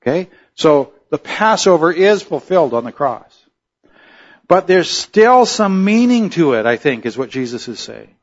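A male pastor preaching a sermon in a measured teaching tone, slowing down to stress key words. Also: on the high side, lively intonation, breathy edge, dull audio.

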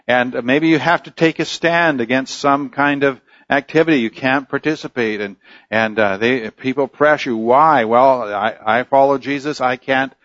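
A man preaching an expository sermon in an earnest way, often pausing with fillers and restarting his sentences. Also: mid-range voice, fairly bright tone, no room sound, highs cut off.

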